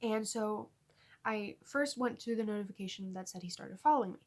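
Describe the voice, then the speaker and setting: A young woman with a husky, slightly breathy voice tells a story to her viewers. She talks in a lively, animated way and keeps breaking into laughter. Her voice sits at an ordinary pitch for a woman. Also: a little fast. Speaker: vlogger. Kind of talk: storytime vlog.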